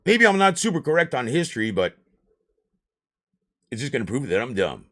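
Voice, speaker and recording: A man talks loosely on a live stream. His pitch leaps up and down as he rants, excitable and profane. He has a middling voice that is neither deep nor high. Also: moderate pace. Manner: animated, excitable ranting with swearing. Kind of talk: rambling live-stream chat.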